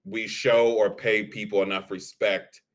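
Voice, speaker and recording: A man's voice: fairly low pitch, flat delivery, a little slow. A man co-hosting a podcast in casual chat, speaking frankly and bluntly with a few laughs. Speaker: podcast co-host.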